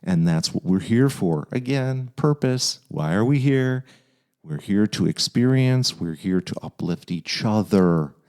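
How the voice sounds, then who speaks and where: A man's voice: on the low side, expressive, unhurried, darkish tone. A man hosting an advice podcast, talking in a playful, earnest and uplifting way. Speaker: podcast host giving advice. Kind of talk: casual advice podcast chat.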